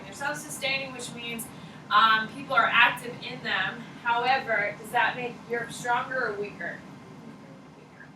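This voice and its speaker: A woman teaching a high school history class, blunt and slangy, firing questions at her students. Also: bright, forceful tone, slight background noise. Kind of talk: classroom lecture. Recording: echoey classroom, mic far off.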